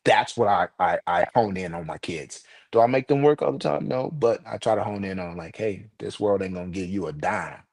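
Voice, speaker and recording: A middle-aged man with a somewhat low voice speaks earnestly about parenting. His casual podcast talk leans into lecturing on values. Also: fairly quick, gravelly, few pauses, darkish tone, husky. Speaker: podcast co-host. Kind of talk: casual chat.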